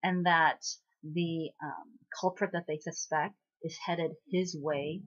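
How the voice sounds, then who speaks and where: A chatty woman retelling a drama episode in a casual, rambling way, her voice sitting a little low. She leans on fillers and slips into the characters' lines as she tells it. The recording sounds slightly dull and lo-fi. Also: fairly even intonation, slow. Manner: chatty, lots of fillers, acts out quoted lines. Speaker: drama recap vlogger. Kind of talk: casual spoken recap.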